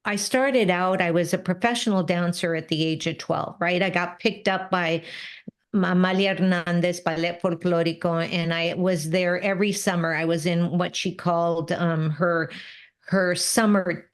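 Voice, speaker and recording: A woman guest in an interview, telling stories in a lively, animated way and acting out what people said. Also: fairly low pitch, moderate pace. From Spanish-speaking family. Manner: lively, animated, acts out quoted exchanges. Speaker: interview guest, business coach. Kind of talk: casual storytelling.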